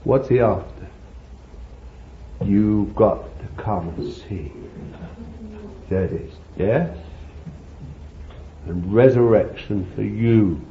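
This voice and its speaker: A man preaching a sermon, calling his listeners beloved, laughing between points and jumping high when he voices prayers and pleas. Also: slow, vocal fry. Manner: animated, jumps to high pitch for quoted pleas. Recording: dull lo-fi old sermon tape with faint hiss.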